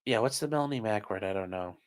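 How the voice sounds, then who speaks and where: This man hosts a casual live stream, reading a document aloud and rambling to his chat with crude jokes, swearing, and jokey asides. His voice is fairly low-pitched, animated, and fast.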